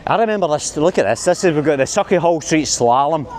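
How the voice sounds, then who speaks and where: A man's voice: on the high side, animated, fast talker, darkish tone, a little hiss or hum. A Scottish man vlogging a night walk through a city street, chatty and self-mocking, recorded on a handheld camera mic. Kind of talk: walking-tour vlog narration.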